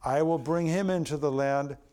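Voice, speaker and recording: A man voicing God as a stern male deity pronouncing judgment, in a slow, solemn, lowered voice. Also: dark tone, close to an everyday voice.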